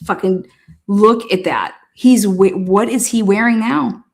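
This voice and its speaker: A woman's voice: medium pitch, unhurried, vocal fry, a little mellow. A woman hosting a trial commentary, reacting to courtroom video with constant swearing, laughter and outrage.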